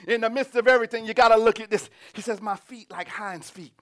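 A man preaching a sermon, reading scripture and building to shouted, humming, laughing exclamations. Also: high voice, quick pace.

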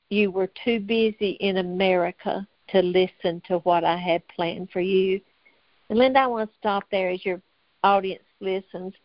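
A woman's voice: medium pitch, no room sound, highs cut off. Older woman from North Carolina, earnest. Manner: earnest, emotional storytelling. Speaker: guest. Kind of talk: testimony in a faith talk interview.

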